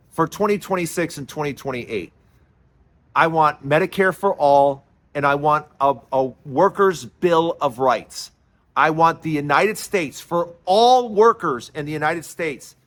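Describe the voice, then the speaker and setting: Woman commentator, heated indignant rant, pitch swinging widely. Casts a fired-up political vlogger. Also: fairly bright tone. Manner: indignant, emphatic ranting.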